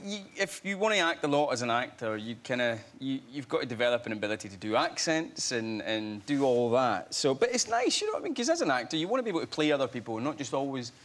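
A man in his thirties with a Glasgow accent, telling stories as a chat show guest in a lively, self-mocking way. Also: mid-range voice, quick pace, few pauses. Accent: Scottish, Glasgow. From Scotland. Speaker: guest actor. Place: television studio.

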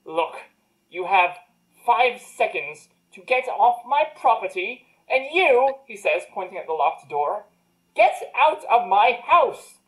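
A woman's voice: medium pitch, expressive, measured pace, natural voice, rough recording. A woman voicing a bitter, scheming male wizard's former apprentice who rants indignantly. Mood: furious. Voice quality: indignant, ranting.

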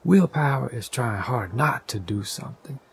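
A man's voice: medium pitch, lively intonation, moderate pace, gravelly, slightly rough, heavily acted. A man doing a patient, sensible frog in whispered role-play. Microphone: condenser microphone.

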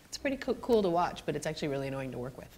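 Femme à la voix très grave, racontant avec entrain. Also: female voice, low-pitched, very fast, slight background noise. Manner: animated, laughs often, acts out quotes. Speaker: guest actor and screenwriter. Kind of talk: storytelling on a college stage interview. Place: college event stage.

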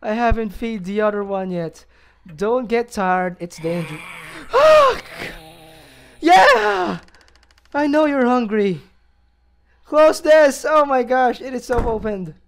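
A man with an unusually high voice narrates a horror game as he plays. He speaks slowly and draws out his words, breaking into gasps, yelps and nervous laughter whenever something startles him. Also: clear, resonant tone. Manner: jumpy, gasping and yelping, nervous laughter. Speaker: let's play gamer.

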